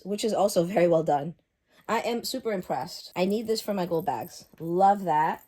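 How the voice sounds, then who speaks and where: A woman vlogger chatting casually through an unboxing, gushing and excitable. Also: mid-range voice.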